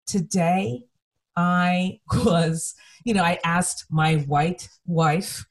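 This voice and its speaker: A woman co-hosting a conversational discussion, speaking earnestly and emphatically while keeping her voice steady. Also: on the low side, very slow. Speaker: podcast co-host.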